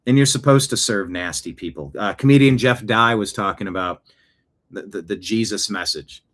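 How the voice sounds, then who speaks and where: A male political show host with a bright, forceful voice that sits a little low in pitch. He talks in emphatic bursts, hammering phrases over and over as he drives his commentary home. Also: normal speed. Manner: emphatic, repeats phrases, acts out quoted voices.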